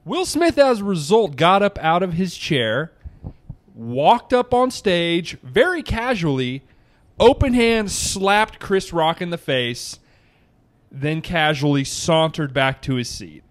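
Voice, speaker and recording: A man co-hosting a casual talk show, retelling events in an animated, emphatic way. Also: fairly high pitch, takes it slowly. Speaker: podcast co-host. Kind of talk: casual chat.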